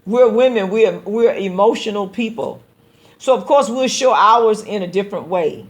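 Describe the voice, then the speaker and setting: This is a woman pastor and radio host taking calls, her mid-range voice moving at a normal speed. She exhorts her listeners earnestly in a preaching manner, repeating words as her argument builds.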